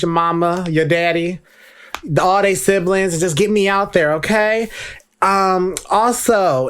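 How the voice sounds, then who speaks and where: A man's voice: high voice, a bit bright, clear, resonant tone. Playful young man hosting a podcast. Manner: playful, chatty and self-hyping. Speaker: podcast host. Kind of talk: casual solo podcast chat.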